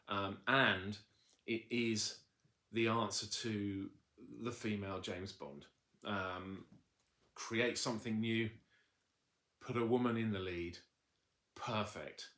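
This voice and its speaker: A man giving a casual, enthusiastic review, halting with fillers and restarts. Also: lowish voice, a bit bright. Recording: echoey room.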